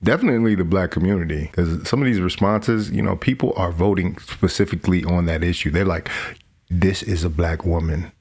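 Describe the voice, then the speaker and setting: A man's voice: low-pitched, fast, few pauses, a little mellow. A man hosting a reaction commentary, talking in a wry, casual way with laughing asides. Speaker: commentary host.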